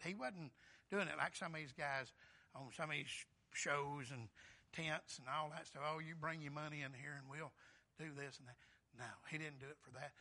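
A middle-aged man preaching a folksy sermon, telling stories and asking the congregation "Amen?" between emphatic bursts. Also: a little high. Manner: folksy storytelling, rising to loud emphatic bursts, frequent "Amen?" asides. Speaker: pastor.

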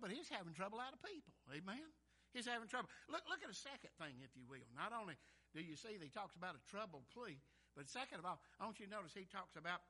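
Preacher guy, high bright voice, preaching hard, lots of amens, gets loud then drops down soft. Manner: preaching with call-and-response "Amen?", rising and falling loudness. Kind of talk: sermon.

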